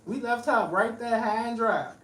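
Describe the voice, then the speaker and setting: A woman's voice: on the high side, normal speed, a bit bright, a little hiss or hum. A woman chatting casually as a podcast guest, blunt and joking, laughing often. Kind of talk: casual chat. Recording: echoey room, mic at a distance.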